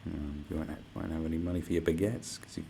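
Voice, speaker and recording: A man's voice: deep voice, level tone, very fast, vocal fry, warm tone, slight background noise. A young man ranting casually to camera, sarcastic and rambling, swearing often. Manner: swearing, rambling and sarcastic, slips into mock voices. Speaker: vlogger.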